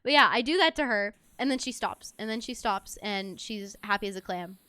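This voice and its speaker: A woman's voice: medium pitch, lively intonation, normal speed, sharp tone, smooth, dry recording. A woman streaming a game and chatting casually, giggly and swearing offhand. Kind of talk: casual gameplay chat.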